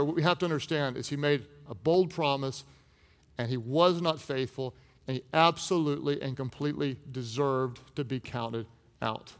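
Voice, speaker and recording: A man preaching a sermon as pastor, acting out quoted voices and swinging from loud, pressing lines to hushed, heavy ones. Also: mid-range voice. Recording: large hall with long reverb.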